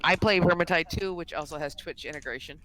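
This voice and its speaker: A woman's voice: lowish voice, fast talker, background noise. A woman co-hosting a stream, chatting in a playful, easygoing way and laughing along. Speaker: streamer and co-host. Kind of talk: casual stream chat.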